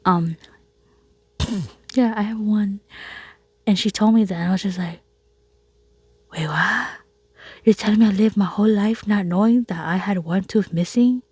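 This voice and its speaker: A woman telling a casual storytime to her viewers, chatty and laughing, often dropping into a soft whisper. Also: medium pitch, normal speed, long pauses, slightly rough, no room sound. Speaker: vlogger.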